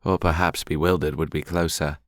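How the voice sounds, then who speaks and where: Deep-voiced guy reading a romance novel, dry close mic, even pace. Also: fairly quick, dry recording. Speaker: audiobook narrator. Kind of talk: scripted narration.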